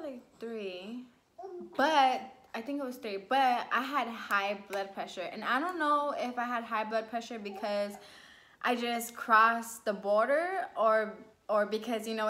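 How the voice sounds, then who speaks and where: A woman vlogger tells the camera a personal story in a chatty, lively way, sprinkling in "like" and "you know." She acts out her own past lines with big jumps in pitch, and there's slight background noise.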